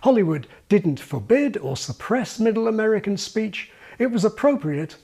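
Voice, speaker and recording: Husky man narrating with lively pitch. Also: normal speed. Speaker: video essay narrator. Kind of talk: scripted narration.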